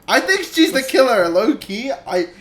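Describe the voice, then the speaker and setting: A woman's voice: fairly high pitch, very animated, measured pace, a crowd in the background. A young woman streaming a game, chatting animatedly, laughing and swearing. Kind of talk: casual gameplay chat. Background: game music.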